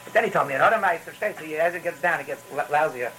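Racing through a rambling Torah talk built on storytelling, a man keeps restarting and mixing in Yiddish phrases. His voice is on the high side, pushed and bright, and the recording is poor with slight background noise.

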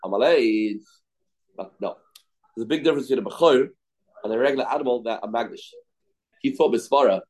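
A man's voice: medium pitch, darkish tone, rough recording. A man teaching a daily Talmud class. He explains in short, repeated phrases and asks rhetorical questions.

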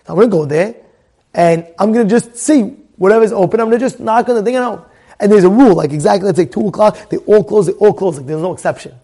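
An American man with a notably high voice tells a personal story in a casual, animated way. He repeats his phrases and acts out what people said. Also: quick pace, breathy edge.

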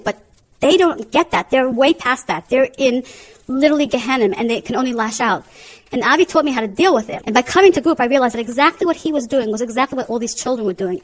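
A woman's voice: fairly high pitch, low-quality recording. A woman with giving an emotional, earnest personal testimony as a mother, often repeating herself. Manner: emotional, repetitive, earnest storytelling.

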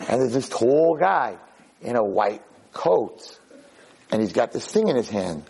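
A man teaching a religious lesson through animated storytelling, acting out the people in his stories. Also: medium pitch, unhurried, gravelly. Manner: animated storyteller, acts out characters. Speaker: Torah teacher. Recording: podcast audio.

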